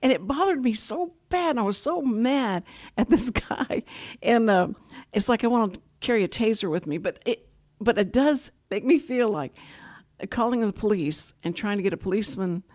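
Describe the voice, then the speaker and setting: A woman's voice: on the high side, animated, moderate pace, a little mellow. An older woman hosting a casual talk show, telling long rambling stories full of restarts. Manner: chatty, rambling storyteller with many restarts.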